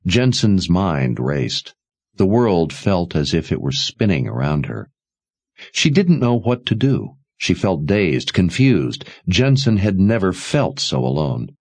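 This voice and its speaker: A man narrating a story in a dramatic, expressive way. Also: sits low, slow pace, dry recording. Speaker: audiobook narrator. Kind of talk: scripted narration.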